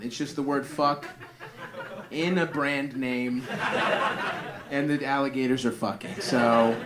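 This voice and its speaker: A young male comedian rambling through a sarcastic, self-mocking stand-up set, his voice sitting a little high. He swears freely and riffs with the crowd. A lively club audience fills the background. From Greek family.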